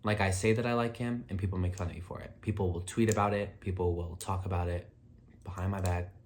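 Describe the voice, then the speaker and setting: A young man telling a casual storytime vlog, rambling with lots of filler words and sudden excited jumps in pitch. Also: fast talker, slight background noise. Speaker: vlogger.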